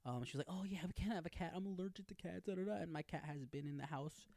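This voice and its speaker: Podcast co-host, young man, slightly high voice, loose joking banter, dry close mic. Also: fast, creaky, darkish tone, no echo. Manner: loose, joking, swears a lot, acts out quotes. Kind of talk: casual chat.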